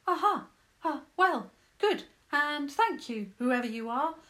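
A woman's voice: high-pitched, lively intonation, slow, a bit bright, pitched above the performer's own voice, heavily acted. A woman voicing a tiny, nearly blind male mole who stammers and frets, in a children's storybook reading. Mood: flustered. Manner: stammering, earnest and fretful.

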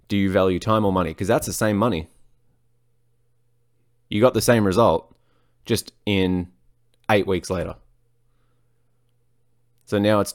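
A man, a fitness coach, talking alone on his podcast in a blunt, profane, rambling way. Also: low voice. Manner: blunt and profane, frequent swearing; rambling, self-correcting, off on tangents. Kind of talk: solo podcast monologue.

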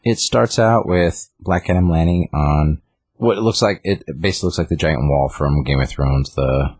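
A man's voice: extremely low pitch, normal speed, a little mellow. A man casually retelling a comic book story on a podcast, rambling with lots of fillers. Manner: rambling, lots of fillers, reads out character lines.

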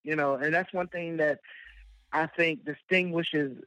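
A man's voice: a little high, fairly even intonation, unhurried, bright, forceful tone, dry recording. A man telling a long, rambling personal story as a guest, full of fillers and laughing at himself. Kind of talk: casual storytelling. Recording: dull lo-fi dry sound.

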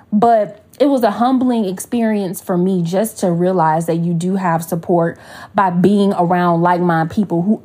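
Husky woman host, casual and animated, slangy storytelling, acts out other people's voices. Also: medium pitch. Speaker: podcast host.

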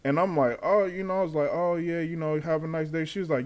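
A man's voice: a little high, quick pace. A man in his twenties, a podcast host, telling a story in casual chat and acting out the people in it with laughs. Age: 20s. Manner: animated, acts out quotes with laughs.

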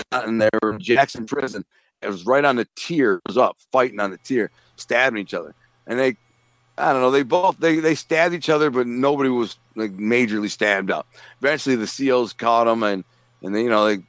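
A man's voice: mid-range voice, fairly bright tone, dry recording. Middle-aged detroit guy rambling through a story, does little voices for people, dry close mic. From Detroit area, USA. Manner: rambling, streetwise, acts out quoted voices. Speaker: interview guest, author. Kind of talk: casual storytelling.

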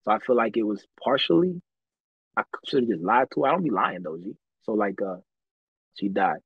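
A man tells stories from his life on a podcast in a loose, slangy, profane way, often laughing. His voice is husky and mid-pitched. The sound is dry and a little dull. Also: lively intonation, brisk, no echo. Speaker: podcast guest telling his story. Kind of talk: casual chat, storytelling.

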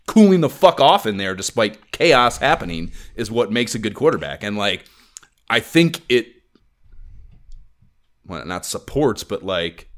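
A man's voice: fairly low pitch, sing-song, a little slow, pauses often. A man, co-hosting a casual gaming podcast, rambling and swearing with lots of fillers. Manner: rambling, profane, filler-heavy. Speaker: podcast co-host.

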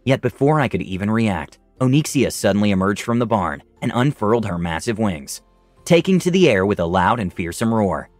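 A man with a lowish voice tells a first-person fantasy story, his pitch rising and falling a lot as he dramatizes each turn. The recording is dry and close, with faint background music under him. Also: a little fast, no room sound. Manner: dramatic storytelling, lively rise and fall. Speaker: narrator.

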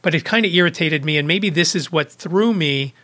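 A man's voice: on the high side, fairly quick, sharp tone. A man hosting a podcast, casually retelling a personal anecdote with small restarts. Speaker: podcast host. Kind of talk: casual storytelling vlog.

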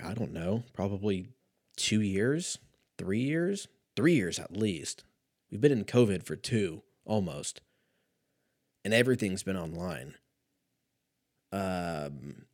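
A young man with a slightly low voice talks on his own in a loose, rambling way, swearing freely. His voice is a bit rough from a cough he had days ago. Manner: profane, rambling, laid-back. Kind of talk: casual solo chat.

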